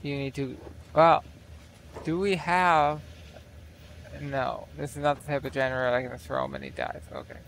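A man's voice: medium pitch, fairly even intonation, normal speed, vocal fry, pauses often, fairly bright tone, a little hiss or hum. A man giving casual, profane, incredulous let's play commentary over his game. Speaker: gaming video creator.

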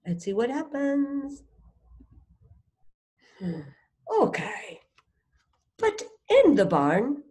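A woman teaching a child to read, sounding out letters one by one and gently encouraging with prompts and questions. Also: on the high side. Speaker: reading teacher. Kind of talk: phonics read-along lesson for a child.

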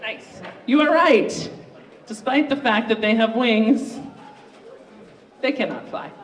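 A host running a live student pitch contest in a university library event room. The host is chatty and upbeat and pokes fun at their own slip-ups. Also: animated, slow pace, far from the mic. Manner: upbeat, chatty, self-mocking. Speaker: game show host. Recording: roomy, echoey room recorded from afar.

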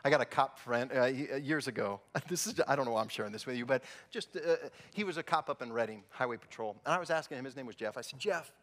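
Preaching at a quick pace with hardly any pauses, a male pastor of medium pitch and somewhat bright tone tells joke-filled stories conversationally during his sermon. The church sanctuary's hall lends the audio a long reverb.

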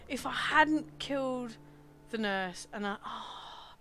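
A British woman with a high, bright voice gives live commentary on a game. She speaks in an unhurried way, with a dry, close sound and faint game music behind her. Her talk is full of swearing and sudden exasperated outbursts. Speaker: game streamer. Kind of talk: live-streamed gameplay commentary.

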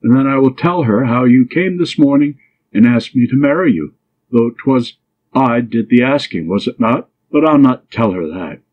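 A man's voice: medium pitch, lively intonation, moderate pace, close to an everyday voice. A man voicing a bold, teasing young woman in love, speaking pertly and pleadingly in an audiobook. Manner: pert, mischievous, pleading. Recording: dull lo-fi recording.

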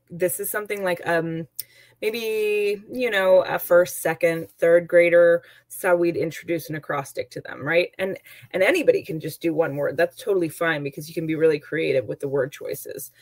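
A woman's voice: lowish voice, dry recording. A woman teacher giving an online lesson, chatty and explaining with examples and asides.

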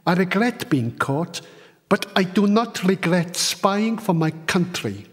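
A resigned young male spy, as a male narrator puts him on, answers calm and subdued. The delivery is slow and slightly husky. A long reverb hangs on the voice. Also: high voice, voice pushed up, full character voice.

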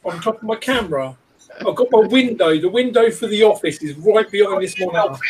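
High-voiced man talking from across the room. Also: expressive, a little fast, a little mellow. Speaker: host of a 3D printing channel. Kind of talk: casual chat. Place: cramped home office. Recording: distant mic with faint room hiss.

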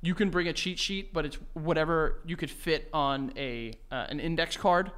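A man's voice: a little high, moderate pace, fairly bright tone, clean tone. A man co-hosting a podcast, chatting casually and loosely, swearing and restarting his sentences a lot. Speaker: podcast co-host. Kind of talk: casual chat.

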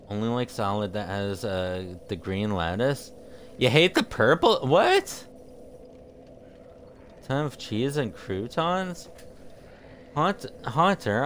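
A man's voice: mid-range voice, slight background noise. A man streaming a video game, chatting casually with viewers and often tripping over his words. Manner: rambling, jokey, trips over his words. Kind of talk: casual chat with live viewers while gaming.

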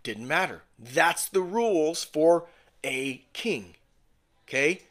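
A man's voice: a little high, expressive, slow, a bit bright. A man leading a home Bible study in a conversational sermon style, often checking in with his listeners. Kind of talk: informal sermon teaching. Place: home fellowship gathering.

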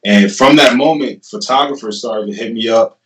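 At a moderate pace and medium pitch, a young man in his twenties laughs his way through a casual story as a guest. He keeps acting out what he and other people said, leaning on "I'm like," while the recording sounds roomy and slightly distant.

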